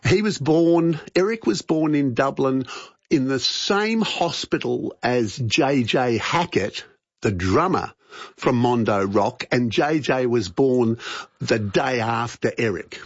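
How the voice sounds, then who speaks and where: A man's voice: mid-range voice, lively intonation, takes it slowly, no echo, muffled recording. Chatty man telling anecdotes. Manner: chatty, laughs often, rambling anecdotes. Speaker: radio show regular. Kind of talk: casual radio chat.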